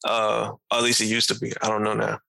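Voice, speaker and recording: A man in casual conversation reviewing an album, animated, laughing often and talking in loose slang. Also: fairly low pitch, fairly quick, gravelly, dry recording, poor audio. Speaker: podcast co-host. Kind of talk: casual music review chat.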